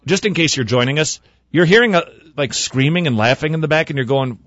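Male talk radio host, sarcastic and animated, higher voice, dry studio sound with muffled highs. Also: fast talker, no echo. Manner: animated, sarcastic, swings between loud and hushed asides. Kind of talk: critical commentary on sermon clips.

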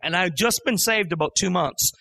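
A middle-aged male preacher telling his testimony as a sermon, animated and acting out the voices in his story. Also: high voice, moderate pace, gravelly.

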